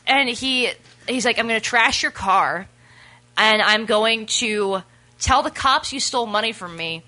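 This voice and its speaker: A young woman co-hosting a casual radio show, telling a story in an animated way, swearing freely and acting out what people said. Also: a little high, unhurried.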